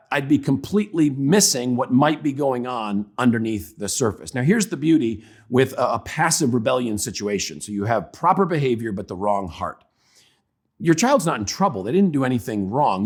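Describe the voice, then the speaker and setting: A man's voice: medium pitch, slightly rough. A man giving a Christian parenting talk in a conversational, humorous way. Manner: conversational, humorous, acts out examples. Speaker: parenting speaker.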